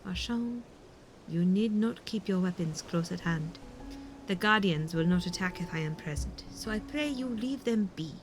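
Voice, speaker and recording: A woman's voice: on the low side, lively intonation, normal speed, a little hiss or hum, lightly acted. A woman doing stagey Irish-accented fantasy heroes. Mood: theatrical. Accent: put-on Irish. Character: fantasy game characters, read aloud. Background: game music.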